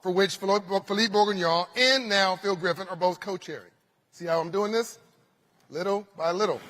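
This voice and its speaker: Bright-voiced man telling stage stories. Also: sits high. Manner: animated anecdotal storytelling with humor. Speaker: forum founder and host. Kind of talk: storytelling keynote speech. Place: conference stage. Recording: reverberant conference hall.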